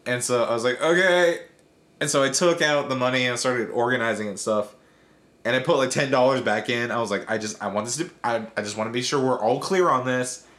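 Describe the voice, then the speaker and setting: Young male bartender, casual storyteller, mid pitch, reverberant room. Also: quick pace. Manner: animated storyteller, acts out quoted voices. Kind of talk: casual chat.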